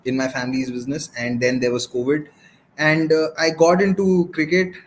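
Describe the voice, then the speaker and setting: A man's voice: a little high, flat delivery, normal speed, rough recording. A man from India, a cricket analyst, casually telling his own story in a rambling, self-correcting way, with faint noise behind him. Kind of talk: casual chat.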